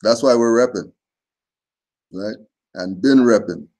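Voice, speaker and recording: A man's voice: medium pitch, measured pace, warm tone. A man hosting a comedy video, commenting in a mocking, laid-back way.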